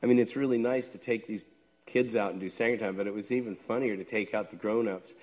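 A man in his sixties, a devotee telling how he joined, lively and acting out the voices of others. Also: fairly low pitch, fast talker. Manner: lively storyteller who acts out the other people's lines. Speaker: devotee sharing his story. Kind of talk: personal storytelling talk. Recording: long hall reverb.

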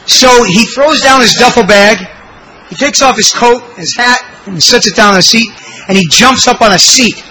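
Man, devotional speaker, storytelling sermon, very high bright voice, animated. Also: moderate pace, poor audio. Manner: animated, exclamatory, acts out quotes.

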